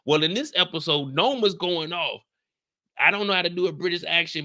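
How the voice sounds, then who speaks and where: A young man recapping a TV episode on a live stream, telling it in an animated, profane way and talking to his chat. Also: high voice, normal speed.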